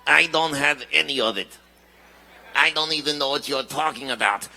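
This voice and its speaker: A man voicing a cheeky, literal-minded male puppet sidekick in a ventriloquist comedy act, firing back quick comebacks. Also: a little high, vocal fry, bright, forceful tone, exaggerated voice, low-quality recording. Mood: wisecracking.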